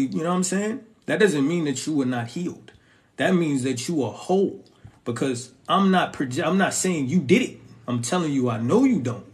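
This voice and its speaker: A young man giving casual relationship advice straight to his viewers, emphatic and full of slang asides. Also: fairly high pitch.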